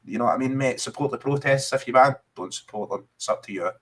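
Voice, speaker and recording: A Scottish man talks football in a loose, chatty way, tossing in "mate" as he goes. His voice sits at an ordinary middle pitch. It suits a relaxed podcast chat between fans. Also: fast. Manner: chatty, keeps saying mate. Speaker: podcast co-host.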